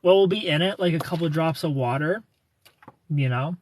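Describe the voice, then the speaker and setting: A man's voice: on the high side, brisk, darkish tone, a little hiss or hum. A man hosting a casual livestream, greeting viewers and answering their comments in a playful, teasing, flirty way.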